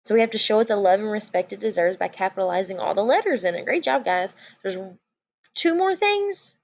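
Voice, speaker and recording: A woman teaching a recorded class lesson, playful and full of little jokes as she walks through a sentence. Her voice sits at an ordinary pitch, and the recording comes through a bit muffled from a computer mic. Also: quick pace, creaky, a little mellow. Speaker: elementary school teacher.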